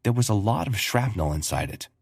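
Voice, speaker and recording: A husky-voiced man narrates a scripted story in a low register. His delivery moves lively up and down, and the sound is dry and close. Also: a little fast, no room sound.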